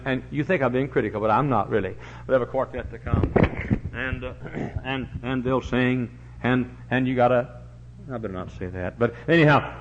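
A man preaching a sermon as pastor, in a folksy, animated storytelling manner, in a church. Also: mid-range voice, slight background noise. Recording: dull lo-fi recording.

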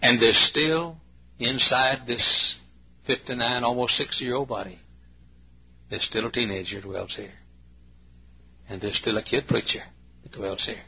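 A man in his late fifties preaching a sermon, folksy and storytelling, with a gravelly voice. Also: fairly even intonation, a little slow, long pauses, highs cut off. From Texas. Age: 50s. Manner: folksy, acts out anecdotes with bursts of high imitation and laughter.

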